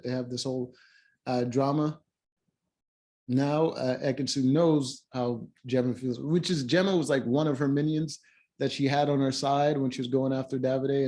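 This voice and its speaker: A show reviewer with a mid-range, slightly mellow voice casually recaps a reality-show episode. He rambles, using plenty of fillers and restarts along with blunt asides.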